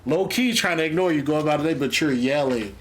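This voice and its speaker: A man's voice: fairly high pitch, a little fast. A man hosting a reaction video, chatting in laid-back slangy banter. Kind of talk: casual reaction chat.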